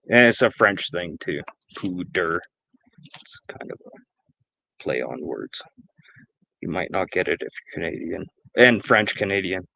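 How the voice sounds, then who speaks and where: A man with a somewhat low voice chats casually on a stream. He tells loose, wandering stories and swears freely along the way. The recording is dry and close. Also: a bit bright, no room sound. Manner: rambling, profane storytelling. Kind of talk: casual chat.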